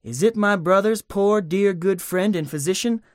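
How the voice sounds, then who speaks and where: A man's voice: sits high, normal speed, no room sound, clean studio sound, voice pushed up, lightly acted. A man doing a pompous old con man. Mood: unctuous. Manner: grandiose, long-winded, unctuous. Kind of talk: audiobook character voice.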